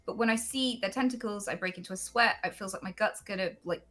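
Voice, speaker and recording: A woman in her thirties, a guest streamer on a call, telling stories in lively, animated chat. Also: mid-range voice, quick pace. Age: 30s. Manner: animated storyteller, acts out reactions.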